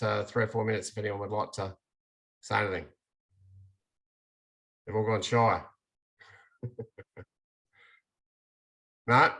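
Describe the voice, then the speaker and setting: A man's voice: medium pitch, vocal fry, bright, forceful tone. A man hosting an umpires' online meeting, hesitant with many fillers and encouraging. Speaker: umpires' coach running the meeting. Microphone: video call.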